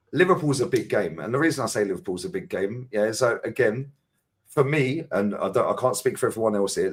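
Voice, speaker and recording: A man's voice: on the low side, husky. A man with a London accent ranting about football as a panelist in a casual chat show, talking in long sweary tangents. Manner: ranting, sweary, fast-flowing.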